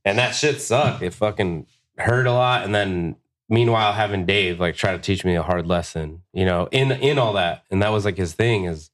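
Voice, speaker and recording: A deep-voiced man swapping shop stories as a guest on a podcast. He swears freely and leaps into his own retellings of what people said, jumping up in pitch for the punchlines. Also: moderate pace. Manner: profane, animated, acts out quotes. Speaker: tattoo artist guest. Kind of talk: casual storytelling.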